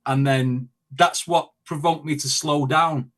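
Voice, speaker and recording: A man's voice: on the high side, fairly even intonation, measured pace, fairly bright tone. A man chatting as an interview guest, telling stories animatedly with quoted asides. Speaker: guest, reaction video creator. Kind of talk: casual interview chat.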